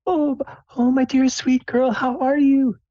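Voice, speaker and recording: A gushing middle-aged mother, high-pitched, doting, fussy; dry muffled sound. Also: unhurried, no echo. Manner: excited, fussing, repeats herself.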